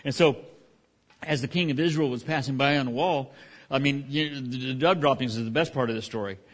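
A man's voice: medium pitch, brisk. Conversational middle-aged male preacher. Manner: conversational, with frequent restarts and asides. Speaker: pastor. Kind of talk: sermon.

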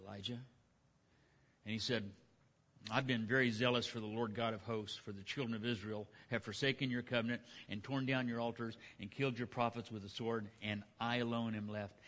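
A man preaching a sermon in a relaxed, conversational way, retelling scripture in everyday speech. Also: medium pitch. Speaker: pastor.

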